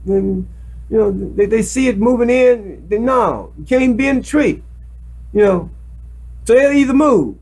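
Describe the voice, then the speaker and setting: A man talks into a webcam in a loose, preachy monologue, circling back and repeating words as he goes. His voice sits high and swings widely in pitch, with a husky edge to it. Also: animated, moderate pace, a little mellow, poor audio. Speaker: self-made video commentator. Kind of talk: casual monologue to camera.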